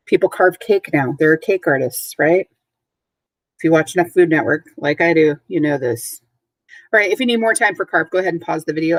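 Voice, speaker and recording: Lower-pitched teacher woman, dry close sound. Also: dry recording, rough recording. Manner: clear teacherly delivery, spells words letter by letter. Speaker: third grade teacher. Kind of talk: recorded vocabulary lesson.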